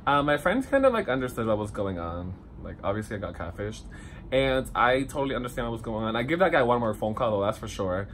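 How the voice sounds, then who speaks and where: A young man telling a personal story to his phone camera in a lively, dramatic, chatty way, swinging up high for the funny parts. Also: quick pace, a little hiss or hum. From Dominican heritage. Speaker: vlogger. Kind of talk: casual storytelling vlog.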